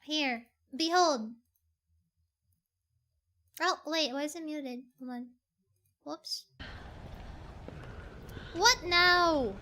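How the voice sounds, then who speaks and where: A woman streaming a game, reacting in an excitable, gushing way and teasing herself. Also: high-pitched, slow, pauses often. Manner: excitable, gushing, self-deprecating. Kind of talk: live game stream commentary.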